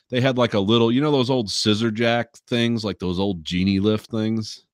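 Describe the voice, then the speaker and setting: A man's voice: fairly low pitch, steady tone, normal speed, few pauses, no room sound, clean studio sound. A man hosting a podcast, telling a story in casual, swearing chat and laughing often. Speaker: podcast host.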